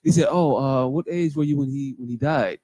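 A man's voice: medium pitch, brisk, warm tone, no room sound. A man co-hosting a casual podcast chat, laid-back and repeatedly cutting in with "hey, look". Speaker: podcast co-host.

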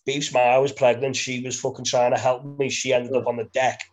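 A man's voice: medium pitch, flat delivery, brisk. A man from Birkenhead with a Merseyside accent, telling rambling, sweary stories in casual chat and laughing mid-sentence. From Birkenhead, England.

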